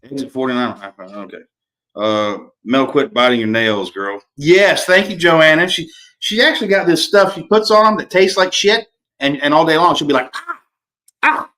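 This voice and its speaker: A man hosts a loose live show and tells stories with plenty of cussing. His voice sits a bit high for a man. He keeps a folksy, easygoing tone. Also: lively intonation, moderate pace, pushed and bright. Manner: folksy storyteller, swears freely. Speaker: podcast host and author. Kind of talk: casual live-stream chat.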